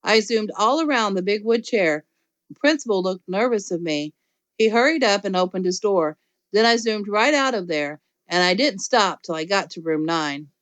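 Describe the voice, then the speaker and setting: A woman narrating a children's storybook in first person, lively and playful. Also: medium pitch, normal speed, no room sound. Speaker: audiobook reader.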